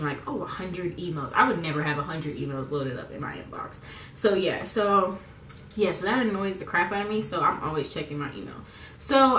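A young adult beauty vlogger rambles casually through a get-ready-with-me video, full of fillers as she prepares on camera. Her voice is lowish and fairly bright, recorded from a distance in an echoey room with a slight hiss or hum.

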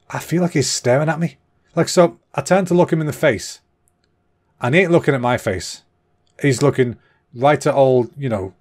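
A young man hosting a comedy podcast, telling a rambling, self-deprecating story with plenty of swearing. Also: medium pitch.

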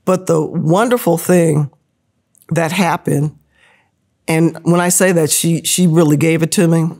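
A woman in her fifties telling a story as a podcast guest, lively, laughing often and acting out the people she quotes. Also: low-pitched, measured pace. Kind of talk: animated storytelling.

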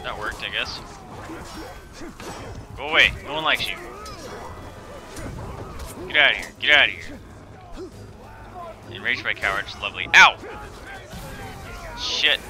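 A man streaming a video game, giving excitable commentary and yelling and groaning at what happens on screen. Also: medium pitch, measured pace, pauses often, soft background music. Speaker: gaming streamer. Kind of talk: live gameplay commentary.

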